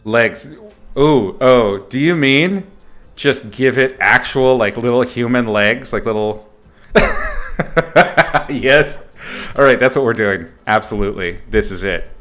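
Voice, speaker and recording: A man's voice: mid-range voice, lively intonation, slow pace, a bit bright, faint music behind. A man teaching art on a livestream in a casual, playful way, joking and swearing as he rambles. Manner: rambling, with fillers and restarts. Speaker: art instructor streaming.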